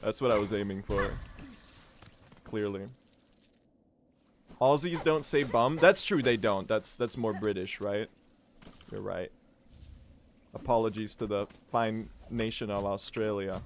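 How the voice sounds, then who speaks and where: A man's voice: fairly low pitch, a little slow, long pauses, slight background noise. A young man streaming a game speedrun, chatting casually in a rambling, self-deprecating way and laughing often.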